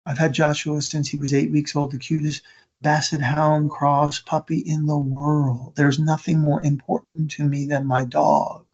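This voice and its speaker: A man voicing a frail, apologetic elderly man who talks haltingly and stammers, on a dull recording. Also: fairly high pitch, level tone, darkish tone. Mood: sorrowful.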